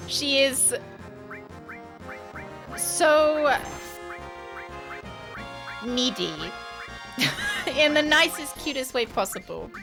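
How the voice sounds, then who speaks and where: A woman's voice: high voice, lively intonation, drawn-out words, long pauses, music in the background. A woman streaming live, chatting casually, cooing at her dog in baby talk and giggling as she thanks her viewers.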